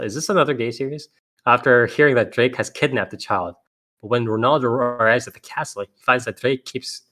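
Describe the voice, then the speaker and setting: Male podcast host, casual chat, frequent laughs, stumbles over names, mid-pitched. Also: a bit bright. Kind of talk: casual podcast chat reading anime previews.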